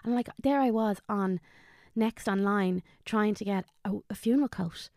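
Gravelly-voiced woman recounting loss. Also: medium pitch, no echo, clean studio sound. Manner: halting, drops to a hushed near-whisper on painful memories. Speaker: podcast guest. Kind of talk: emotional personal storytelling.

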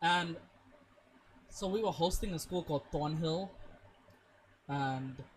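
Young man, casual chat, animated profane storytelling, slightly high voice, faint noise. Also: slow pace, low-quality recording.

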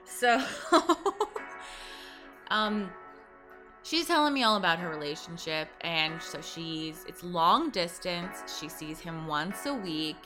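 A woman's voice: fairly low pitch, animated, slow, sharp tone, soft background music. A woman from Canada, hosting a podcast in a rambling, profane, casual chat and laughing at her own jokes. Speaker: podcast host.

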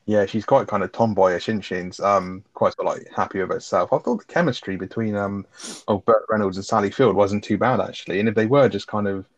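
A man talks quickly through a casual film review, swearing freely and laughing along as he retells scenes. His voice sits a little low and sounds dry and close, with almost no room around it. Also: no room sound, highs cut off. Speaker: podcast co-host.

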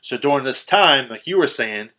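A man's voice: medium pitch, lively intonation, moderate pace, sharp tone. A young man in a casual chat about a film, rambling with lots of fillers and swearing freely. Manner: rambling, profane, many fillers.

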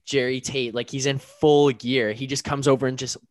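Young man, casual storyteller, mid pitch, dry close sound. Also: little pitch movement, moderate pace, no room sound. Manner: storytelling with lots of filler words. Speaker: podcast co-host. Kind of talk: casual chat.

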